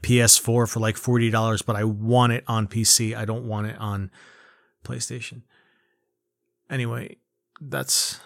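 A man's voice: mid-range voice, creaky, fairly bright tone, dry recording, studio quality. A man ranting casually about video games, rambling and swearing with lots of fillers. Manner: rambling, profane, frequent fillers and restarts. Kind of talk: casual rant.

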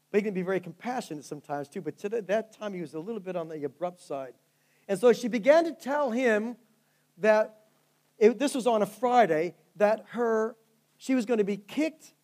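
In a sermon, a man with a high-sitting, darkish voice works through stories with fervor. His volume climbs and sinks as he preaches.

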